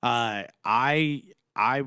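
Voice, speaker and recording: A man co-hosting a casual sports chat, joking and acting out quotes with lively energy. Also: mid-range voice, drawn-out words, clear, resonant tone, dry recording, clean studio sound. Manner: joking, animated storyteller who acts out quotes. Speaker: podcast co-host.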